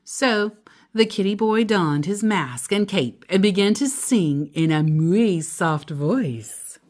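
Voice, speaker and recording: A woman reading a picture book aloud to a child in an expressive, playful way. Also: medium pitch, takes it slowly. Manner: expressive, playful, laughs along. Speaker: storyteller.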